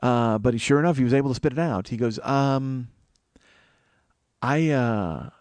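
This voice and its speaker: Speaking at normal speed in a medium-pitched, darkish voice, this man in his 40s spins a comedic monologue for his podcast, recorded dry. The story wanders and pokes fun at himself, full of swearing, with his voice rising as he plays out his panic.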